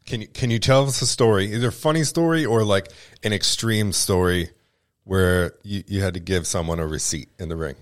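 A man co-hosts an interview podcast. His voice is fairly low, and he asks questions in an easygoing, slightly hesitant way. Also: normal speed. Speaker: podcast co-host.

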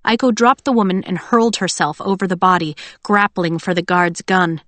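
A woman narrates an audiobook in an expressive storytelling style. Her voice sits low and is recorded dry and close, with no room sound. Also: normal speed, no room sound. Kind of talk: scripted narration.

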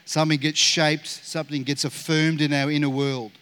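A man's voice: a little high, level tone, moderate pace, a bit bright, clean tone. A man preaching a sermon as pastor, earnest and acting out short quoted dialogue.

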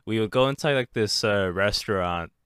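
A man's voice: on the low side, moderate pace, smooth, no room sound, clean studio sound. A young man, telling stories in casual chat, laughing often and acting out other people's voices. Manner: animated storyteller, laughs often, acts out voices.

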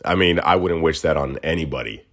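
A man's voice: extremely low pitch, fairly quick, fairly bright tone. A man hosting his own podcast, talking alone in a casual, rambling way and acting out quoted voices. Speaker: podcast host. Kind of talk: casual solo monologue.

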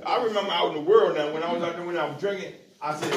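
A man preaching a sermon as bishop, repeating hallelujah and rising into shouts. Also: on the high side, very fast, background noise. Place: church sanctuary. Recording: echoey church from far off with congregation.

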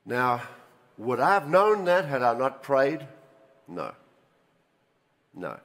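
A man's voice: mid-range voice, takes it slowly. Older male pastor in a reverberant hall. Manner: animated storytelling, swinging between loud emphasis and quiet asides. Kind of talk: sermon with personal stories.

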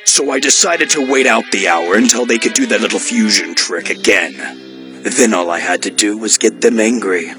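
A man's voice: fairly low pitch, normal speed, over music, natural voice. An actor voicing a boastful, menacing male demon villain in an anime dub, taunting his foe. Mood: gloating.

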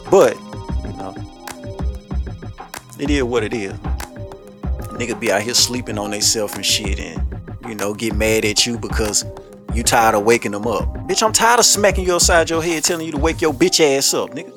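At medium pitch and a moderate pace, with long pauses, a man hosts a commentary show over music. He rants bluntly in profane street talk, cursing heavily while telling energetic, animated stories.

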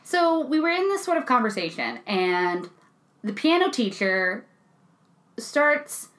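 Lively high-voiced woman telling a story. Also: slow. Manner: animated, laughs often, acts out quotes. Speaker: podcast co-host. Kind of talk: casual chat, storytelling. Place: recording studio.

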